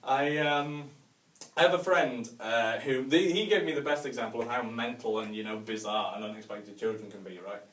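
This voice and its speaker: A man's voice: mid-range voice, moderate pace, fairly bright tone. A man doing a rambling, self-mocking stand-up set with lots of fillers, in a hotel venue room. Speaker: stand-up comedian. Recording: echoey room mic from a distance.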